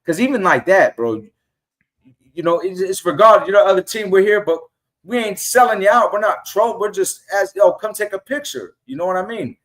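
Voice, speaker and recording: A middle-aged man with a slightly high voice tells stories on a casual podcast. He jumps into quoted lines and voices the people he talks about. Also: brisk. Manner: animated storyteller acting out quotes. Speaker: guest fan.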